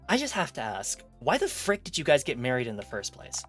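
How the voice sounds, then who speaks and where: A streamer reading through a game and tossing in wry, sarcastic asides. The voice moves in lively, animated swings and sits in a middling pitch range. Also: brisk, hardly any pauses, soft background music. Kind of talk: casual game commentary.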